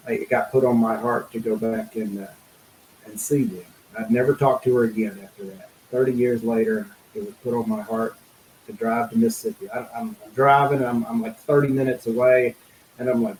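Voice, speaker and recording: A middle-aged man speaking as a guest in an interview, telling a personal story in an earnest, halting way, full of fillers and restarts. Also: mid-range voice, darkish tone, echoey room, slight background noise, poor audio.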